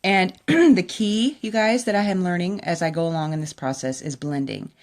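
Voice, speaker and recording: A makeup vlogger at home by a window talks straight to her viewers in a chatty, enthusiastic tutorial. Her voice is lowish and a little mellow, and she keeps a moderate pace.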